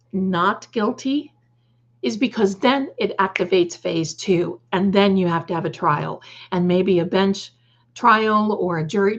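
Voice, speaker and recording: A woman hosts a casual livestream, reading the chat out loud, calling viewers "darling," and throwing in snarky, opinionated asides. Her voice is mid-range, and the recording has its highs cut off.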